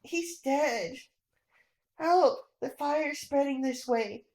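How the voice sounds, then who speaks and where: A woman's voice: high voice, drawn-out words, a little mellow, reverberant, heavily acted, low-quality recording. A woman voicing a brave, stubborn young boy who talks in a blunt, urgent way.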